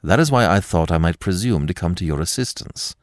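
Man playing a grave, commanding gentleman thief. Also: sits low, lively intonation, no echo, clean studio sound. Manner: measured, grave, authoritative.

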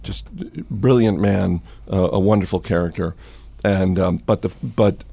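A podcast host with a low-pitched, gravelly, dark voice and a breathy edge tells stories and chats casually about markets, using many fillers and restarts. His tone is steady and his pace a little slow, with no echo.

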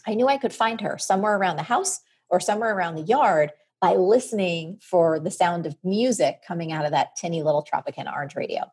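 A middle-aged woman from New Jersey, a podcast guest telling a personal story in an animated, vivid way. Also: fairly low pitch, breathy edge.

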